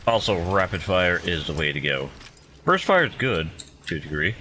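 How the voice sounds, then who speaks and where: Low-voiced, lively man chatting through a game. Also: moderate pace, a little hiss or hum. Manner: rambling, self-deprecating, chatty. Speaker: gamer. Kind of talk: casual gameplay commentary.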